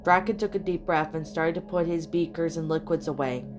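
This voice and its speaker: A woman reading fan fiction aloud in a steady, plain storytelling manner, with small slips and rereads. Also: low voice, brisk. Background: soft background music.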